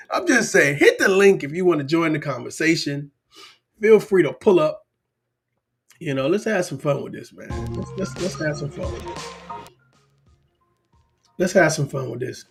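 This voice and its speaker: A man's voice: a little high, expressive, normal speed, vocal fry, long pauses, husky, faint music behind. A man hosting a live-stream talk show, chatting casually and animatedly, often acting out other people's voices. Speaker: livestream show host.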